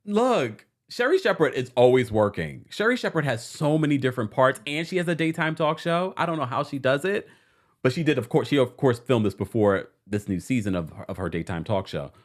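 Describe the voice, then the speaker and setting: Animated chatty male host. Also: mid-range voice, fairly quick. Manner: chatty and opinionated, animated, laughs often. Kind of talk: casual pop culture recap.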